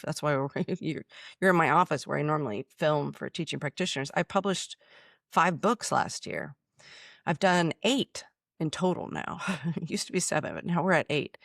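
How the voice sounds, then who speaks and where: A woman's voice: low voice, vocal fry, no room sound, clean studio sound. A woman speaking bluntly and emotionally about her own illness, filmed in her office. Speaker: chiropractor and author. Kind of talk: personal testimony.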